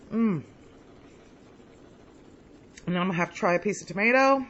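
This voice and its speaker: A woman's voice: mid-range voice, animated, moderate pace, fairly bright tone, highs cut off. A woman chatting casually in a home cooking vlog. She rambles as she tastes her food, with lots of pleased mm's. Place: home kitchen.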